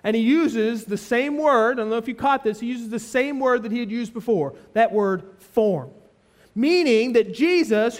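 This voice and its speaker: Male preacher, very high voice, earnest expository sermon style. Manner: earnest, emphatic teaching with frequent restatement.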